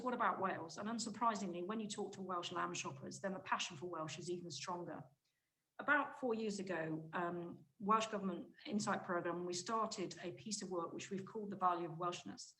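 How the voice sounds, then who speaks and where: A woman giving a conference presentation on shopper research, talking briskly and emphatically with frequent restarts mid-phrase. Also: fairly low pitch, fairly bright tone, low-quality recording. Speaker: conference speaker, market insight director.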